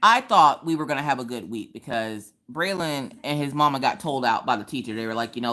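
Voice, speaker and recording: A woman in her thirties hosting a live crafting stream, telling stories in a lively, chatty, colloquial way. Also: rumbling low, a little fast, hardly any pauses. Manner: animated, chatty storyteller, colloquial. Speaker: craft livestream host. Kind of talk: casual chat and storytelling. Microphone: streaming from home.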